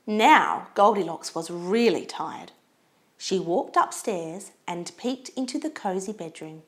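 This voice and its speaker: Slow, lively woman reading a storybook. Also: fairly low pitch. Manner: expressive, slow and lilting.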